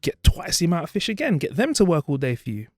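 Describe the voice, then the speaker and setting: A man's voice: a little high, big pitch swings, quick pace, dry recording, voice pushed up. Brief: man voicing a salesy businessman, keen and persuasive, dry close sound. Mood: persuading. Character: pushy successful businessman, adult man.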